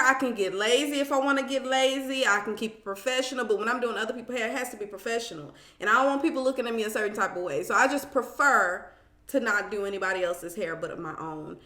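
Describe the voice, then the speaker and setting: A woman talks casually to her live stream viewers from home, greeting them and calling them child and boo. Her voice is bright and fairly high. The room around her rings with echo.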